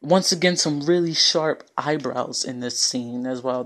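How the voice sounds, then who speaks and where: A man's voice: a little high, measured pace, fairly bright tone. A man casually retelling a film scene by scene, rambling off on tangents with lots of fillers. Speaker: online video host. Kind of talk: casual movie recap.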